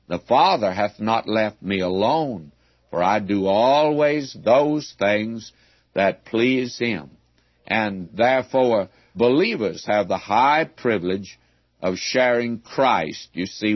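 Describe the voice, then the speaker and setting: A man teaching verse by verse through a Bible passage, measured and emphatic, with frequent asides to his listeners. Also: medium pitch, breathy edge, dry recording, muffled recording.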